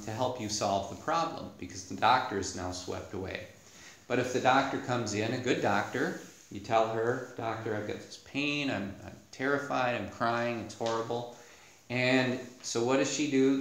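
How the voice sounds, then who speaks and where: A man giving a Buddhist dharma talk as a meditation teacher, unhurried and explanatory, with many "you know"s. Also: medium pitch, fairly bright tone. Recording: echoey room.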